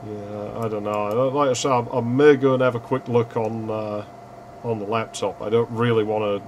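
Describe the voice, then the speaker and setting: A man casually commenting while streaming a retro game, swearing freely and yelling at the screen now and then. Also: fairly low pitch, steady tone, moderate pace, slight background noise.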